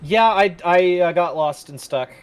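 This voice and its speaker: A woman playing co-op with a streamer, talking in halting, hesitant bursts. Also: lowish voice. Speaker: co-op gaming partner. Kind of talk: casual gameplay chat.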